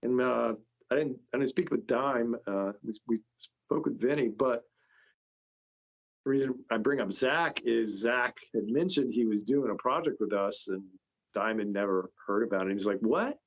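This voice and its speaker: On dull, lo-fi podcast audio, a company founder rambles through casual stories, frequently stopping and restarting. He speaks at a normal speed in a gravelly, mid-range voice.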